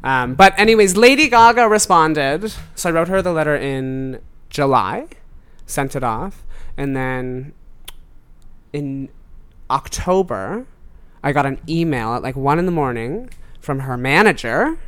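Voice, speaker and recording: A man's voice: a little high, animated, unhurried, fairly bright tone, clean tone. A young man, a podcast guest, chatting casually and telling a story with lots of fillers and asides. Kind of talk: casual chat.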